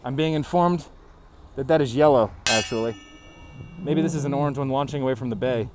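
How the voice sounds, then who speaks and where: Loud, jokey man talking to camera outdoors. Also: mid-range voice, fairly quick, background noise. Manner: loud, jokey showman patter. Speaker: race competitor. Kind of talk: playful vlog commentary. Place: outdoors at a resort cable-car station. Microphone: handheld camera turned on himself.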